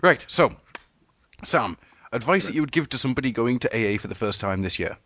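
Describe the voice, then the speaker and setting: A man hosting a casual podcast chat, playful and quick to laugh. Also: mid-range voice, no room sound, muffled recording. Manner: playful, laughing, lively delivery. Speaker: podcast host.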